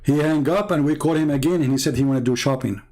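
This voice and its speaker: A man's voice: fairly high pitch, fast, mellow. A man hosting a livestream, talking in a mocking, taunting way and repeating phrases for emphasis. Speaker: livestream host. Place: home setup streaming online.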